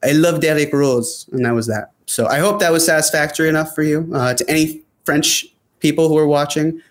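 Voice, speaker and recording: A man with a slightly higher voice hosts a casual sports talk show. He reads out viewer comments and answers them in a loose, chatty way, with many fillers and restarts. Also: fairly quick. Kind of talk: casual chat.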